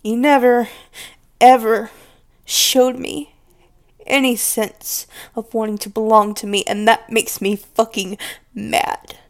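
A woman's voice: a little high, little pitch movement, slow pace. A woman voicing a possessive, volatile woman who scolds the listener as her pet in an audio role-play, domineering and scornful, dropping at times into whispers.

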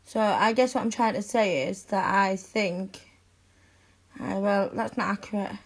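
A young woman speaks in a one-sided audio role-play to the listener as her best friend. Her delivery is slow and tender, at a medium pitch. She keeps it close and affectionate, with soft sighs and giggles. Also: husky.

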